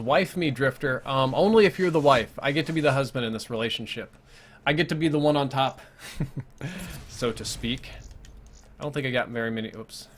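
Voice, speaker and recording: Chatty male game streamer, slightly high. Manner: chatty, reads viewer chat aloud between plays. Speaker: gaming livestream host. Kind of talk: casual live gameplay commentary.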